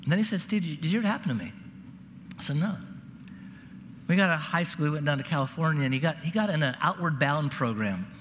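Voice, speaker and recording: A man with a high voice preaches a sermon, earnest and repeating words when he stresses a point. His voice rings out in a large reverberant hall. Faint ambient noise sits behind him. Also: lively intonation, fast talker, a bit bright. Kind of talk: sermon with a told story.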